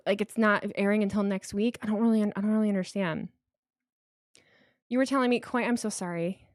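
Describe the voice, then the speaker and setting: A woman's voice: mid-range voice, no echo, clean studio sound. A woman hosting a live wrestling watch party, reading super chats and apologizing a lot, tripping over her words and swearing casually.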